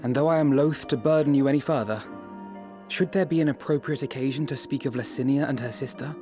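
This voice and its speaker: A man's voice: mid-range voice, a little fast, close to an everyday voice. A man voicing a grave, burdened male leader in a video game, speaking solemnly and formally. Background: game music.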